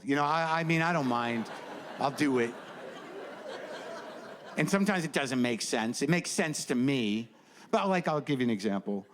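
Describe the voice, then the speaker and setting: A medium-pitched man performs stand-up before a live crowd, his rambling bits loose, chatty and full of profanity. There's slight background noise and faint laughter from the audience.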